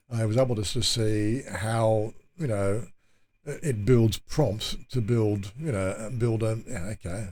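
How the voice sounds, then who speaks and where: A man's voice: lowish voice, warm tone. Rambling, hesitant male vlogger. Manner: meandering, hesitant, many fillers and restarts. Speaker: channel host. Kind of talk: casual rambling vlog talk.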